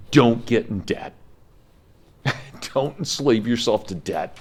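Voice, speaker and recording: Fifty-something guy lecturing a college class, really lively voice, gets fired up. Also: mid-range voice, takes it slowly, long pauses. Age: 50s. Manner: impassioned, emphatic, addresses students directly.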